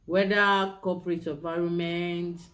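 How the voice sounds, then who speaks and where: A woman's voice: lowish voice, level tone, a little slow, fairly bright tone. Woman co-host summing up advice. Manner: affirming, reads questions, sums up points. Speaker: co-host of a marriage Q&A show. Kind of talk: relaxed advice talk.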